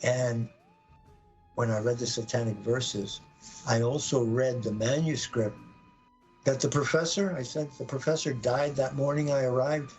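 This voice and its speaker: A man's voice: a little slow, faint music behind, rough recording. Man telling a dramatic personal story. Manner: animated, acts out quoted voices with sudden pitch jumps.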